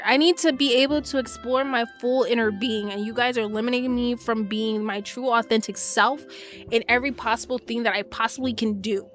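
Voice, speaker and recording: Woman streamer, voice a bit high, joking, casual, swears, faint game music underneath. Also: steady tone, fairly quick. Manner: joking, playful, swears freely, quiet asides and loud bursts. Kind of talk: casual live-stream chat while playing.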